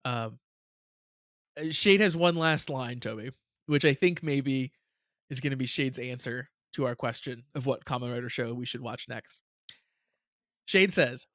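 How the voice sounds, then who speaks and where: A man's voice: mid-range voice, a little slow, long pauses, a bit bright, no echo, clean studio sound. A man co-hosting a casual review podcast, chatty and laughing often, with many repeated words. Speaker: podcast co-host.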